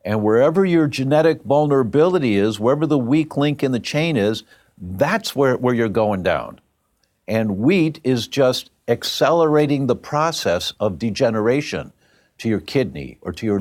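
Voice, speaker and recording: A man's voice: mid-range voice, expressive, normal speed, a little mellow. A man telling a personal story as a guest, emphatic and plain-spoken.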